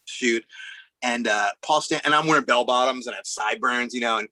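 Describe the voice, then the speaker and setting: A man, a musician guest, casually telling animated anecdotes and acting out the voices of people in them. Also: mid-range voice, brisk, no room sound, rough recording. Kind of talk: casual storytelling chat.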